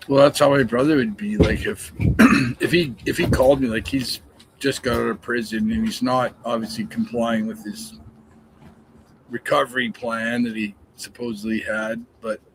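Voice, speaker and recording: A man in casual chat at home, talking things through in a relaxed, matter-of-fact way with the odd curse. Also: mid-range voice, normal speed, a little hiss or hum, poor audio.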